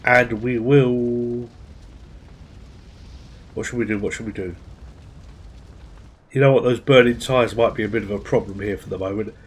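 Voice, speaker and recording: A man's voice: mid-range voice, steady tone, normal speed, pauses often, slightly rough. A man giving casual, chatty commentary as he plays a game at his PC, thinking aloud with little asides. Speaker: gaming channel host.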